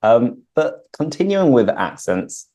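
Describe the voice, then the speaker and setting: A young British man hosting a relaxed conversation, often filling with "like". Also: medium pitch, slow pace. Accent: British English. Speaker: host. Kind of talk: casual conversation.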